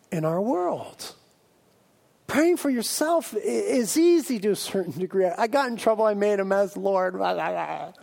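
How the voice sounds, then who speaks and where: A man preaching a sermon as a pastor, lively and humorous, acting out exaggerated voices of his listeners. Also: sits high. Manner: animated, acts out comic voices of his congregation.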